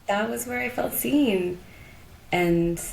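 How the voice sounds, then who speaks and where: Her voice is a little high, slow and creaky with a darkish tone, with slight background noise and echoey room sound. She's a Colorado woman guesting on a podcast, telling personal stories in a reflective, heartfelt, casual way, peppered with "like" and "you know."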